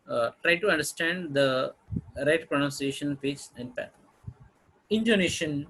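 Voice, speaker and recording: A man giving a phonology lecture, halting often with fillers and repeating phrases. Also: a little high, fairly bright tone, breathy edge, poor audio.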